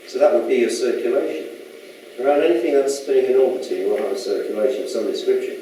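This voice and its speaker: A man's voice: medium pitch, fast, mellow. Rambling man lecturing in an echoey hall. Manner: rambling, chatty, asks the audience questions. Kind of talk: casual public talk. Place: lecture room. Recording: echoey hall from far off with faint noise.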